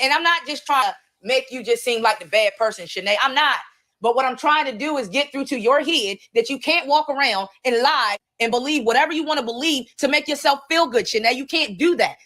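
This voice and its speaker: A woman's voice: high voice, fairly bright tone. A woman hosting a reaction commentary, talking bluntly and profanely. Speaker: commentary host.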